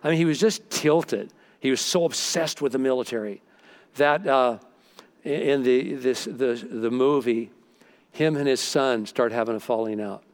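A man's voice: medium pitch, measured pace. A middle-aged male pastor preaching a sermon. He tells stories and acts out what people said. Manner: storytelling, acts out quoted dialogue.

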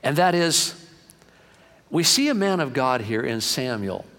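A man preaching a sermon as pastor, telling stories in an animated way and acting out the voices of the people in them. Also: medium pitch, measured pace. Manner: storytelling, animated, acts out voices. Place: church sanctuary. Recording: long hall reverb.

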